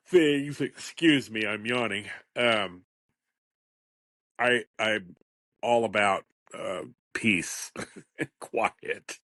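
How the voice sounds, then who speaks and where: Fifties male podcaster, slightly low voice, dry close sound, chatty rambling solo talk. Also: drawn-out words, long pauses, fairly bright tone, no room sound. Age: 50s. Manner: rambling, chatty, chuckles often. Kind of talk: casual solo podcast monologue.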